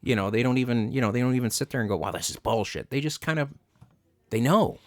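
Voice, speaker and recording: A man's voice: medium pitch, fast talker, dry recording, clean studio sound. A man hosting a casual chat, talking bluntly and profanely, with lots of fillers and restarts. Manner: blunt and profane, animated rants. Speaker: podcast host.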